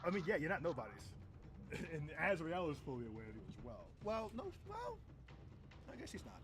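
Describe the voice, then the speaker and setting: A man's voice: fairly high pitch, fast, music in the background. A man narrating as game master of a tabletop role-playing game, laughing often and stumbling over repeated words. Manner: animated, laughing, stumbling repetitions.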